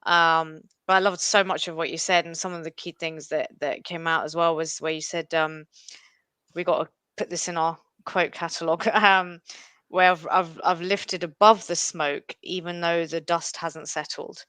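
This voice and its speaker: A woman's voice: lowish voice, a bit bright, smooth, no echo. A woman co-hosting a casual podcast chat, earnest and reflective, repeating phrases for emphasis. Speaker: podcast co-host.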